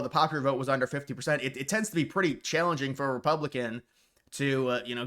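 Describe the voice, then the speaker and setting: A man's voice: a little high, a bit bright. A man delivering a casual solo political commentary, rambling with frequent restarts and sarcastic asides.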